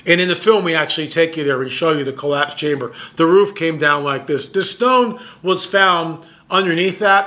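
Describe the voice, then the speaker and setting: A filmmaker talking about his own work in a casual, excitable monologue. He stresses his points and often repeats words as he goes. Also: fairly high pitch. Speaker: documentary filmmaker.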